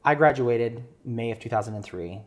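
A man in his thirties, a podcast guest, tells a personal story earnestly and animatedly, with restarts. His voice is mid-range and his pace moderate.

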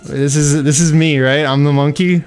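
A man's voice: fairly high pitch, steady tone, normal speed, smooth. A young man streaming a game live, chatting with viewers, laughing, venting frustration and swearing. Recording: faint music behind.

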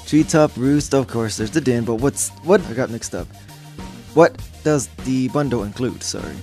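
A man's voice: medium pitch, moderate pace, a little mellow, soft background music. A man giving casual, jokey gameplay commentary as a gaming YouTuber, rambling and easily sidetracked.

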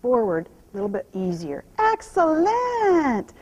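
A woman horse trainer talking out loud while she rides, softly praising the horse and explaining each step. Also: high voice, huge pitch swings, takes it slowly, husky, lo-fi sound. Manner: soothing praise to the horse, mixed with quiet running explanation. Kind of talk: narrating while riding.

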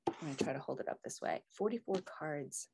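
A middle-aged woman coach and mentor in an earnest, casual video talk, telling a story with soft whispered asides. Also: low-pitched, lively intonation, a little fast, vocal fry, noisy background. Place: home room with green screen.

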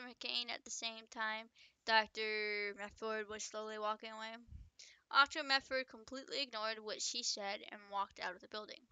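A woman reading her own story in a loose, chatty way, stopping now and then for asides and jokes. Her voice is very bright and smooth, slightly high. It is recorded close and dry, with no room sound. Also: fairly even intonation, moderate pace, no room sound. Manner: chatty, breaks off to joke and comment. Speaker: author reading own book.

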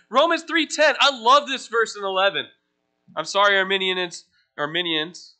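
A man's voice: high voice, moderate pace, pushed and bright. A young man as a pastor giving a casual teaching sermon in a church, chatting with the congregation, asking them questions and joking about himself. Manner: conversational, asks the room questions, self-deprecating asides.

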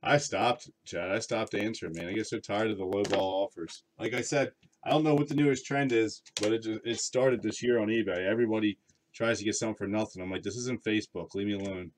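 A man's voice: fairly low pitch, fairly even intonation, fairly quick, a little hiss or hum. A man hosting a card break live stream, chatting casually with viewers and reading out card names between rambling remarks. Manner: chatty, rambling, reads card names aloud while talking to chat.

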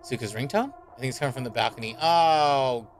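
A man's voice: mid-range voice, big pitch swings, racing, slight background noise. A man streaming a horror game in casual commentary, reacting jumpily and swearing often. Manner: jumpy, reactive and profane, with repeated worried remarks.

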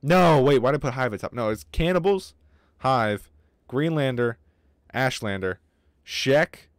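A man chatting at his desk as he plays a game on stream, excitable and foul-mouthed. His voice sits in the middle range, recorded close and dry, with keyboard typing behind him. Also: mid-range voice, unhurried, no echo. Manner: excitable, swears a lot, talks to chat. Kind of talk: casual livestream gaming commentary.

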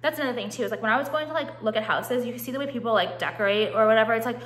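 A young woman with a bright, sharp voice pitched a little high chats to her phone camera at home. She swears freely and piles up "like" and restarts. Her talk is loose, opinionated and unscripted. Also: racing. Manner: chatty, profane, full of "like" and restarts. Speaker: vlogger. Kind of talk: casual vlog chat. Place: at home, walking through rooms.

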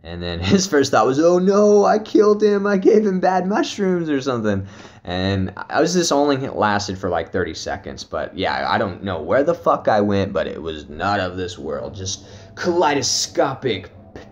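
A man's voice: lowish voice, dull audio, slight background noise. Laid-back young man telling a trip story. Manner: loose, profane, laughing storyteller with many fillers. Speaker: vlogger. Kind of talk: casual storytelling, trip report.

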